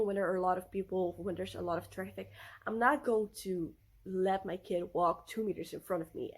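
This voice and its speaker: A woman's voice: on the low side, breathy edge. A young woman vlogging about parenting, telling stories in a casual chatty way with lots of fillers and restarts. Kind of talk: casual storytelling to camera.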